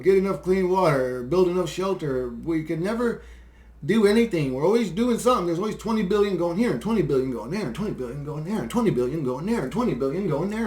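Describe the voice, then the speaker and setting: A man rants in a rambling, profane monologue, his voice a touch higher than most. He swings between muttered asides and exasperated outbursts, filling gaps with "uh" and short laughs. The room around him is noticeably echoey. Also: a little mellow. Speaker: solo video creator. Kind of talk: casual monologue rant.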